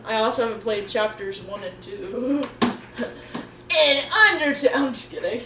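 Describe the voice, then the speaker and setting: Young female streamer, goofy and rambling, cooking at home, higher voice. Echoey room, mic at a distance, noisy background. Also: normal speed. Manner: goofy, rambling, swears casually, talks to chat. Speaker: livestreamer. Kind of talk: casual livestream chat while cooking. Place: home kitchen.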